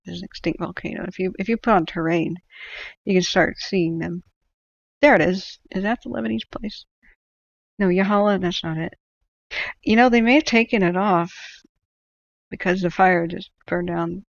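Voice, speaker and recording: A woman's voice: on the low side, vocal fry, dry recording, highs cut off. A woman hosting a casual livestream, rambling and thinking aloud with lots of fillers as she talks at her computer. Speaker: livestream host.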